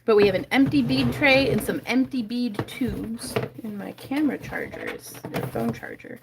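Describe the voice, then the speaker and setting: A woman's voice: fairly high pitch, huge pitch swings, normal speed, creaky, heavy background noise. A woman hosting a casual crafting livestream from home, chatting and laughing often as she reads viewers' comments.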